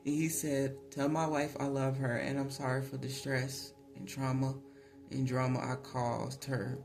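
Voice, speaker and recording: A man giving a casual spiritual tarot reading, chatty, laughing often and filling pauses with ums. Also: medium pitch, flat delivery. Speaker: tarot reader. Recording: voice over clear background music.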